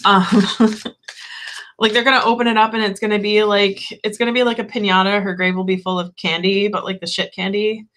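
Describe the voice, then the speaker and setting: A woman's voice: mid-range voice, level tone, moderate pace, fairly bright tone. A young woman hosting a casual live-stream chat, candid and rambling, full of fillers and the odd swear. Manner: chatty and candid, lots of "like" and "um", swears freely. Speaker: tarot channel host.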